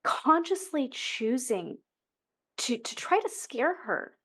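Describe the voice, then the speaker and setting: A woman's voice: high-pitched, big pitch swings, slow pace, a bit bright. A woman in her thirties, a podcast guest, candidly telling a personal story in an earnest, emotional way, often restarting her sentences. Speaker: interview guest.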